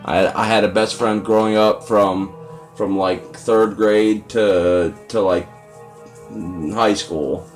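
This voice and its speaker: A man's voice: lowish voice, fairly even intonation, slow, faint music behind. A young man giving casual, rambling gameplay commentary, profane and self-deprecating. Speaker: let's play gamer.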